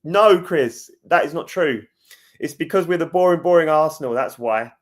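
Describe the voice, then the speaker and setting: Hosting a fan channel livestream, a man with a fairly high, expressive voice talks at normal speed. He chats and jokes casually, speaking straight to viewers and answering their comments.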